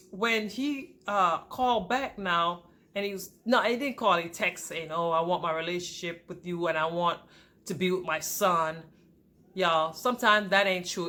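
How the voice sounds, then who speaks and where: A woman speaking straight to her viewers about her own life, candid and informal. Her voice sits in a middle register but jumps up and drops down sharply as she grows emotional. She talks in a loose, conversational way, calling her audience "y'all.". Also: a bit bright. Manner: pitch and volume swing widely with emotion. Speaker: vlogger. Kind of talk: personal storytelling to camera.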